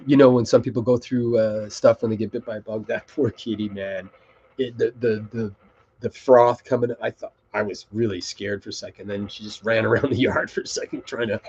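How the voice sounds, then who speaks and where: A man's voice: mid-range voice, warm tone, husky, highs cut off. A middle-aged man hosting a live web show, rambling and swearing casually as he talks. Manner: rambling, swears, easily distracted.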